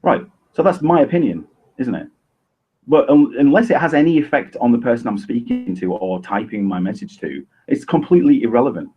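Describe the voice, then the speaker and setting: Husky sarcastic man on a call. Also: medium pitch, animated. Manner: sarcastic, measured, defensive. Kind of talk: heated online argument. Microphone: video call. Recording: lo-fi video call audio.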